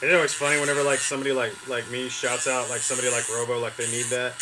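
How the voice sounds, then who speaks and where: A young man hosting a livestream, chatting loosely to viewers with many fillers and restarts, often gushing with excitement. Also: medium pitch, quick pace, background noise. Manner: rambling, lots of fillers and restarts, gushes with excitement. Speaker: livestream host. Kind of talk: casual stream chat to viewers.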